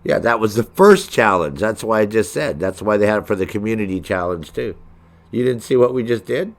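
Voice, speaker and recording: A man's voice: fairly low pitch, animated, fairly quick. A middle-aged man streaming a video game, joking and swearing as he banters with his chat. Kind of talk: live gameplay commentary.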